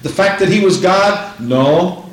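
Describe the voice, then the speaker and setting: Fervent high-voiced man preaching a sermon. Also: takes it slowly. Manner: fervent preaching, repeating phrases for emphasis, reading scripture aloud. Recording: echoey room.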